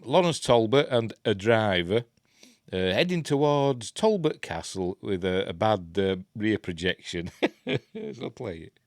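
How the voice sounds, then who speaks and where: A man's voice: fairly low pitch, no echo, studio quality. A man with a Yorkshire accent reviewing films at home in a rambling, self-deprecating way, muttering to himself. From Yorkshire, England. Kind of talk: casual film review chat.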